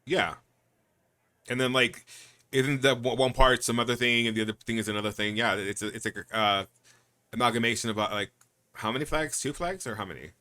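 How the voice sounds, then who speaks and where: A man with a bright, forward voice co-hosts a live stream and chats with eager enthusiasm. He cracks jokes and reacts in an animated way. The sound is dry and close. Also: medium pitch, brisk, no echo. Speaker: co-host. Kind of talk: casual live-stream chat.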